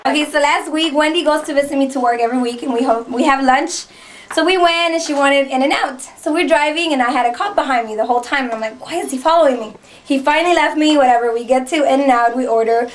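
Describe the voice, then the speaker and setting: A woman co-hosting a radio show, telling a story in a lively, casual way. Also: high-pitched, slight background noise. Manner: lively, cheering, quick to laugh. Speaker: radio co-host. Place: internet radio studio.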